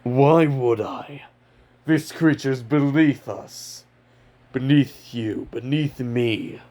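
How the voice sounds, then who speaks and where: A man voicing a menacing, haughty ancient demon king who talks slowly and coldly. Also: medium pitch, mellow. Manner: slow, cold, contemptuous.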